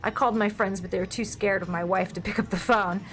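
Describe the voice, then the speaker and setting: A woman reading a dark comic story aloud in a wry, deadpan manner. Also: medium pitch, quick pace, faint music behind. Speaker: story reader.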